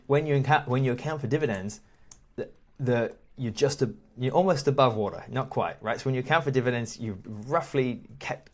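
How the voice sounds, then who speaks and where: Sharing his screen, a man who teaches investing goes over stock reports loosely and haltingly, with frequent repeated words and the occasional chuckle. He has a mid-range voice.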